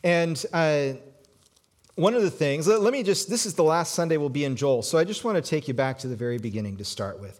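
A man preaching a sermon, telling a childhood story with frequent restarts and dropping to quiet, hushed tones for emphasis. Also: a little high, expressive, brisk. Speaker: pastor.

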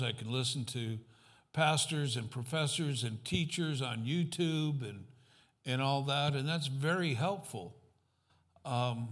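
A man's voice: a little high, a bit bright. A man as guest pastor giving a sermon in a church, conversational, putting questions to the congregation, with light self-deprecating humor. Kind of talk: sermon with a joke opener.

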